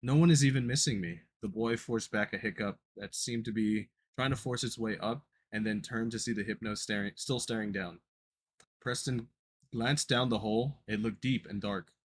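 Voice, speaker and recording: A man reads a horror story aloud on a podcast in an unpolished, casual way, often tripping on words and starting them over. His voice is on the low side and husky. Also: fairly even intonation, moderate pace. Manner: stumbling, self-correcting reading. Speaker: podcast co-host reading a creepypasta.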